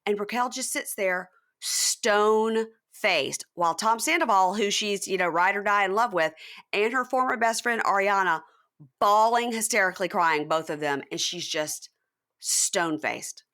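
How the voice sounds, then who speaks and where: A woman hosting a podcast, recapping a reality show in casual chat and acting out quotes with big jumps in her voice. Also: moderate pace. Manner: animated, acts out quotes with big pitch jumps. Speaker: podcast host.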